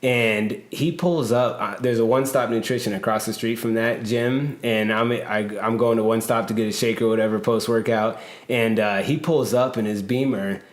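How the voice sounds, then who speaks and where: A man's voice: on the low side, fairly even intonation, moderate pace, few pauses. A man hosting a casual podcast, telling a long story with lots of fillers and laughs. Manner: rambling, laughing, many fillers. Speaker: podcast host and personal trainer. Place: gym or studio room. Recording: echoey room.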